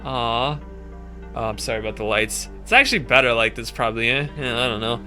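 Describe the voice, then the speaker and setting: A man playing through a visual novel game and commenting in excitable, chatty asides. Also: mid-range voice, brisk, soft background music. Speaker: gaming channel host. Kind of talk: let's play commentary.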